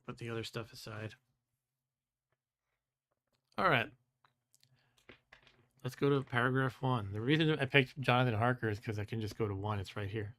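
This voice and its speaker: A man in his forties hosting a live stream and reading a gamebook aloud in his own voice. He talks in a relaxed, chatty way, chuckles often and stumbles over foreign words. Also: medium pitch, normal speed, long pauses. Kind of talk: casual live-stream chat and read-aloud.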